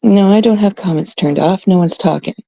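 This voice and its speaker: A woman's voice: medium pitch, fairly quick, vocal fry, warm tone, no echo. A blunt woman from Canada, talking casually to her live-stream chat in an exasperated way, swearing freely and quoting people mockingly. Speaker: livestream host.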